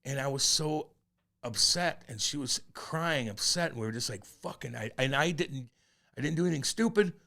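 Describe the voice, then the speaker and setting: A man's voice: mid-range voice, animated, moderate pace, gravelly. Profane, rambling man on a podcast. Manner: profane, rambling, gets loud and heated. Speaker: podcast co-host. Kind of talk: candid casual chat.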